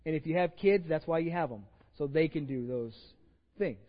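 A man's voice: a little high, normal speed. A man with a Texan accent preaching a conversational sermon as pastor, often repeating words as he restarts. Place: church sanctuary with long reverb. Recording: dull lo-fi sermon recording in a reverberant church.

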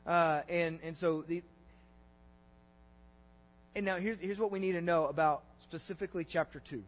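High-voiced man preaching a casual sermon. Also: normal speed, in a large hall, dull audio. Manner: conversational, animated, acts out quotes with feeling. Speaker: pastor. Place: church sanctuary.

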